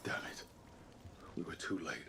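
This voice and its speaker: A man's voice: normal speed, pushed and bright, slight background noise, close to an everyday voice. An actor playing a grim, determined male adventurer in a fantasy video game, speaking tersely and urgently.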